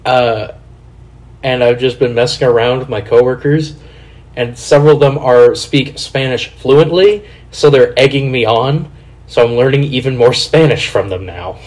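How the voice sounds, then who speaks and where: Profane, animated podcast host. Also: male voice, mid-range voice, moderate pace. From Kansas City, USA. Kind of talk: casual podcast chat.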